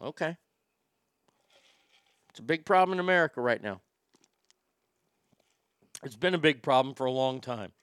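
A man's voice: mid-range voice, animated, moderate pace, pauses often, a bit bright, clear, resonant tone, dry recording, clean studio sound, lightly acted. A man playing a crude, brash middle-aged radio shock-jock who swears freely and rambles with tobacco in his mouth. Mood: rambling. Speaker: radio host. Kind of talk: comedic radio show monologue.

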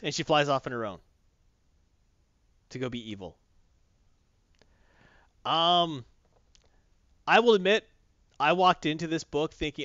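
Bright, lively, chatty man. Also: fairly high pitch, normal speed, long pauses, dry recording, lo-fi sound. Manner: chatty, rambling, lots of fillers, giggly. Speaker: comic book podcast host. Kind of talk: casual chat.

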